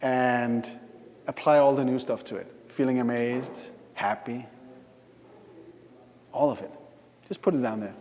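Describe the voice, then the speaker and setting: A man leading a live hypnosis demonstration at a conference, giving slow, coaxing instructions with repeated lists. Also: medium pitch, steady tone, a little mellow. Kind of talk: guiding a live hypnosis demo. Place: conference hall. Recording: reverberant conference hall.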